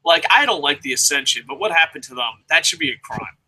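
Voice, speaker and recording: A man giving a casual, profane, animated rant as a wrestling commentator. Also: on the high side, quick pace, a little hiss or hum, rough recording.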